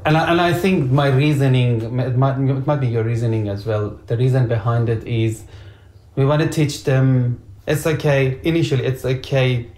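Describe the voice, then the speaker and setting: A man's voice: medium pitch, steady tone, moderate pace, a little mellow. A man and father giving his opinion on parenting in casual conversation, stopping to restart and repeating words. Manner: thoughtful, restarts and repeats words, slightly non-native phrasing. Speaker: parent co-host. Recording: echoey room.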